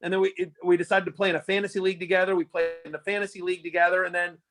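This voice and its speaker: Man, interview guest, casual storytelling, lots of fillers, high-pitched. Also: rapid-fire. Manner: rambling, lots of fillers and restarts, animated retelling. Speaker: fantasy sports analyst guest.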